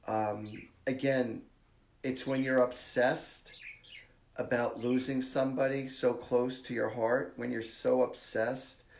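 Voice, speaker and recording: A man's voice: mid-range voice, little pitch movement, slow, creaky. A man hosting a live-stream psychic reading for viewers, talking in a casual, blunt, chatty way. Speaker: psychic medium host. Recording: echoey room.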